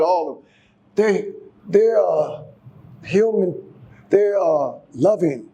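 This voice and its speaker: Man, casual sermon, high voice, warm and mellow tone, coaxing the crowd. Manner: exhorting, repeats and restarts words, coaxes the audience to respond. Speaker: speaker giving a class.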